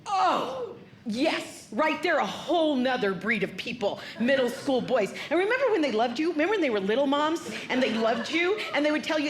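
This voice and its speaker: Lady comic with a high voice, wry mom stories, noisy live recording. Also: sing-song, fairly quick, roomy sound. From California. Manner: storytelling, wry mom humor. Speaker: stand-up comedian. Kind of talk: stand-up comedy routine.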